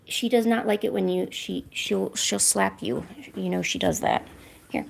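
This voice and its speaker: A woman hosting a livestream, chatting casually and coaxing her cats with high, sing-song pet talk at home. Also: moderate pace, vocal fry. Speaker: livestream host. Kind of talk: casual chat to her cats during a stream. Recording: echoey room with faint hiss.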